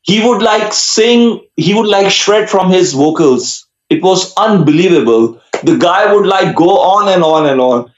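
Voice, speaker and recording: A man with a Pakistani accent and Urdu as his first language talks through his answers in an earnest, halting way with plenty of fillers. His voice sits a touch high, and it sounds roomy and a little dull, like a lo-fi recording. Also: animated. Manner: earnest, hesitant with frequent uh fillers. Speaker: musician guest. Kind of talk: casual interview answers.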